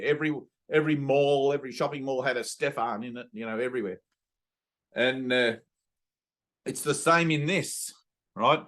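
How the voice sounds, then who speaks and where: An Australian man leading a spiritual satsang over a video call, talking earnestly and intimately and slowing right down to stress a point. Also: on the high side, fairly bright tone. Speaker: spiritual teacher. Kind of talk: satsang teaching talk.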